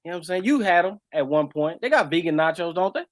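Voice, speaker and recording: A laid-back American man co-hosting a podcast, riffing in a joking, easygoing way. His voice sits a bit high for a man. The sound is dry and close, with no room around it. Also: expressive, fast talker, no room sound. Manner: laid-back, joking, lots of "you know what I'm saying". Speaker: podcast co-host. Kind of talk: casual chat.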